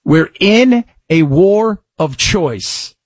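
Man, radio host, sarcastic rant, a bit high, husky, dry studio sound. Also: expressive, drawn-out words, no echo. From United States. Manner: sarcastic, exasperated, emphatic. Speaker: radio talk show host. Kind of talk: opinionated talk radio monologue and host-read ads.

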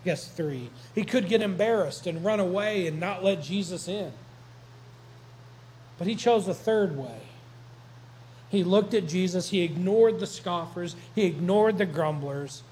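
Male pastor, relaxed storytelling sermon delivery, unhurried, pitched a bit high. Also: slight background noise, low-quality recording. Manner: conversational, joking storyteller.

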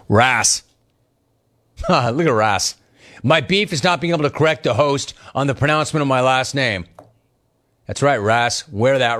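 A middle-aged man hosting a talk show, reading listener gripes aloud and teasing callers. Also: medium pitch. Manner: teasing, animated, mock-outraged. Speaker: radio talk show host. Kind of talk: reading listener messages on live radio.

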